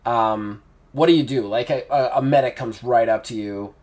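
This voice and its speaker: A man's voice: mid-range voice, normal speed, a little mellow. A man running a tabletop role-playing game as game master, chatty, often laughing, with many fillers.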